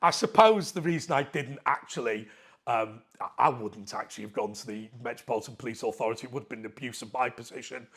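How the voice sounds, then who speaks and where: A man's voice: mid-range voice, fast talker, fairly bright tone, husky. An English man telling a casual anecdote to camera in a chatty, cheeky way, acting out the dialogue with shifting voices. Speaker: storyteller, channel host.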